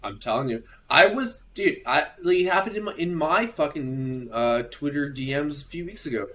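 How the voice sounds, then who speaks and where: A young man who is a digital artist, speaking as a guest on a casual podcast. He talks excitedly, swears, and fills his speech with like and you know. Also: fairly high pitch, moderate pace. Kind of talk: casual chat.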